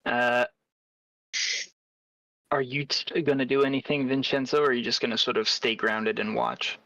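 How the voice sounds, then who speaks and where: A man narrating as game master of a tabletop role-playing game, with lively, descriptive storytelling. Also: medium pitch, normal speed, dry recording, lo-fi sound.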